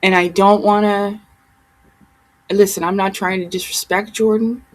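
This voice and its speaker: A woman's voice: mid-range voice, fairly even intonation, a little slow, poor audio. A woman vlogger talking straight to her viewers in a heated, rambling, profane monologue. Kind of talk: casual ranting monologue.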